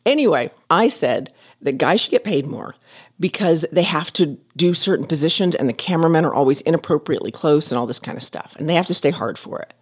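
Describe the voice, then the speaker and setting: A woman's voice: sits low, lively intonation, a little fast, breathy edge. A middle-aged woman, chatting and telling a story as a podcast host, often laughing. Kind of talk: casual storytelling.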